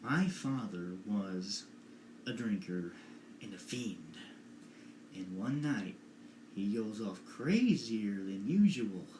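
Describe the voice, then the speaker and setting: A young man doing an impression of a menacing male movie villain telling a dark story, in an echoey room. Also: fairly low pitch, lively intonation, slow, long pauses, background noise.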